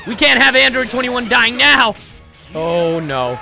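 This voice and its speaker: A young man giving excited gameplay commentary, yelling and trash-talking his opponent as he plays a fighting game. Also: high-pitched, takes it slowly, creaky, soft background music. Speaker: gaming YouTuber playing a fighting game.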